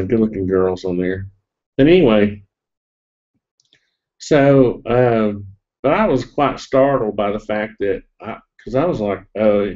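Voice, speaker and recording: Middle-aged man, low-pitched, sniffling, rambling jokey storytelling, muffled lo-fi recording. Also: darkish tone. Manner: rambling and jokey, with fillers and laughs. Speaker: live-stream vlogger. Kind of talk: casual storytelling to a live audience. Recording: dull lo-fi webcam audio.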